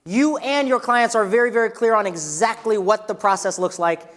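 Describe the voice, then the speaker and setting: A man's voice: sits high, normal speed. Man coaching a room in a reverberant hall. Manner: energetic, coaching, asks the room questions. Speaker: real estate trainer. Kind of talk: live workshop teaching. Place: training room with a live audience.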